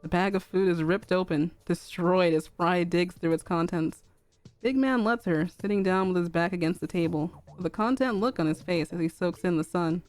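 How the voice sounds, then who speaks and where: A young woman streamer narrating a fanfic aloud in a calm, even reading. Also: fairly low pitch, normal speed, few pauses, faint music behind.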